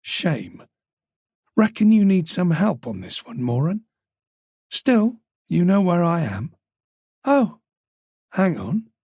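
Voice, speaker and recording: A man doing a sneering male rival who mocks his target, his voice swooping up with scorn. It is gravelly and recorded close and dry for an audiobook. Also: high-pitched, huge pitch swings, slow pace, long pauses, a little mellow, no echo, heavily acted. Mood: taunting. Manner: sneering, mocking. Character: taunting male rival sending a mocking text.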